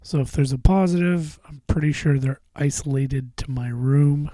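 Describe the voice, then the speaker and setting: A man's voice: on the high side, moderate pace, hardly any pauses, dark tone, no room sound. A man hosting a casual solo podcast, rambling and profane, often drifting into mumbles. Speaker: podcast host.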